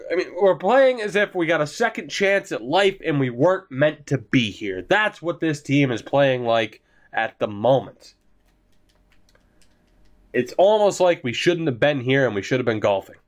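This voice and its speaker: A young man casually commentating his hockey video game, joking and swearing, swinging from low mutters to sudden shouts. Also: lively intonation, moderate pace. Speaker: gaming commentator.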